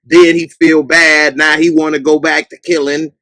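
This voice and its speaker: Animated male podcast host, dry close sound. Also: on the high side, moderate pace, no echo. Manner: animated, bursts into loud mocking outbursts. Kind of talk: casual livestream chat.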